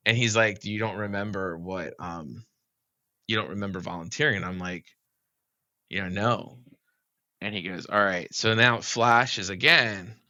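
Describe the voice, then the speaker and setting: A man's voice: on the low side, measured pace, bright, forceful tone, dry recording, dull audio. A man who is a podcast guest, telling a long story in a casual, rambling way, full of "like" and "you know".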